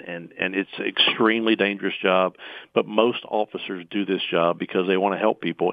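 A man's voice: low-pitched, vocal fry, no echo. A middle-aged man, speaking as a police union representative on an interview show, earnest and given to restarts. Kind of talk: interview guest. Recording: tinny phone line.

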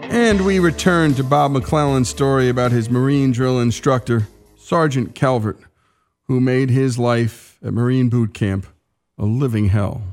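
A male radio host introduces the next story in a smooth announcer delivery. His voice is mid-pitched. Soft guitar music plays underneath. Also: measured pace. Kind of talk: broadcast segment introduction.

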